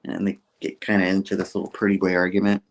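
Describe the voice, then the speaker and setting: A man's voice: deep voice, quick pace. A man hosting a show, casually recapping a story with lots of fillers. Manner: animated, full of fillers. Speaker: host.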